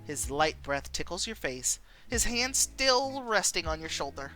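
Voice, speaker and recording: Giggly woman streamer with a lively voice. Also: fairly low pitch, measured pace, faint music behind. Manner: giggly, chatty asides to viewers. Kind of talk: casual stream commentary and story reading.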